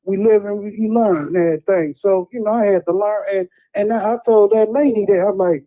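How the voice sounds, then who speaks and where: Blunt streetwise man with dark, mellow tone. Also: high-pitched, fairly quick, few pauses, poor audio. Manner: streetwise storytelling, blunt and preachy. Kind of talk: casual talk show chat.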